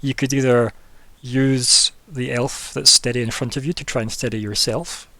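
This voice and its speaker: A man's voice: mid-range voice, fairly even intonation, normal speed, pushed and bright, dry recording. A man running a tabletop game as game master, in casual talk, laughing often and asking the players what they do.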